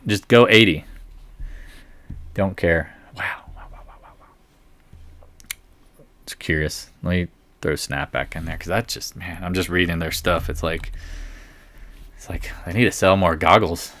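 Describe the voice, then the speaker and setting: A man's voice: low-pitched, fairly bright tone. A man hosting a live market stream, thinking aloud in a wry, blunt way as he reads through earnings.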